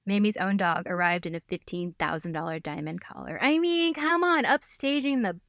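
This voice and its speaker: A woman's voice: on the low side, animated, normal speed, a bit bright, no room sound, clean studio sound. A woman co-hosting a casual history podcast, telling stories with playful asides and laughs. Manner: giggly storyteller, playful asides. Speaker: podcast co-host.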